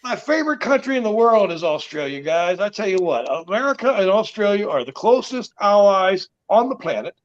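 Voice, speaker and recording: A man's voice: high voice, sing-song, a little fast, few pauses, highs cut off, voice pushed up. A man voicing a cheery, boastful Australian bloke with hearty, folksy bluster. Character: cheery Aussie bloke boasting about his country.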